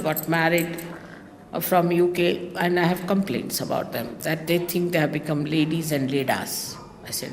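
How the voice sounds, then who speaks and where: A woman gives a spiritual talk, her low voice swinging widely in pitch as she teases and mocks. Her speech carries a long hall reverb over faint background ambience. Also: a little hiss or hum. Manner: lively, teasing, mocking asides. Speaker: spiritual teacher.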